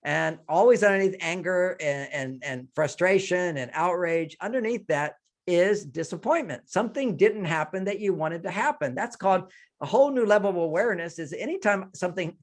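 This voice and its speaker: A man's voice: sits high, moderate pace. A man being interviewed as a guest expert, talking animatedly and often acting out conversations. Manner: animated, acts out dialogues in changing voices. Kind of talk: interview answer, explaining relationship advice.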